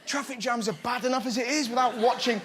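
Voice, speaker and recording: A man's voice: very high-pitched, fairly even intonation, quick pace. A British man doing stand-up comedy as host, brash and mocking, before a live studio audience. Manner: brash, mocking, puts on silly voices. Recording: loud crowd and room noise.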